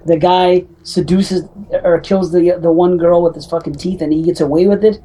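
A woman's voice: on the low side, fairly even intonation, dark tone, rough recording. A woman co-hosting a casual podcast chat, talking loosely and swearing freely. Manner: fast, swearing, loose chatter. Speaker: podcast co-host.

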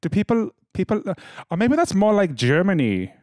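A man's voice: sits high, sing-song, normal speed, darkish tone, dry recording, studio quality. A man telling a rambling, joking story in casual chat, with lots of restarts. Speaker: podcast co-host.

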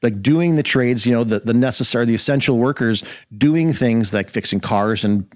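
A guest host from rural Minnesota tells a long story on a casual talk show, animatedly acting out the voices of the people in it. His voice is mid-range and moderately paced, recorded dry in studio quality.

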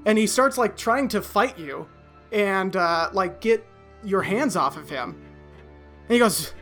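A man's voice: sits high, lively intonation, a bit bright, soft background music. A man running a tabletop game, narrating casually with many fillers. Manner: casual, halting, with frequent fillers. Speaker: game master.

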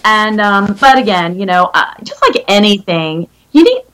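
A middle-aged woman, a guest in a conversation, telling stories in an animated, rambling way with many restarts. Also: medium pitch, normal speed, poor audio. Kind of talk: conversational storytelling.

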